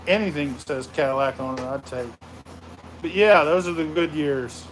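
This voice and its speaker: A man hosting a casual livestream from his home man cave, greeting viewers with loud, profane, rambling shout-outs. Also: a little high, moderate pace, soft background music, poor audio. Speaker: livestream host.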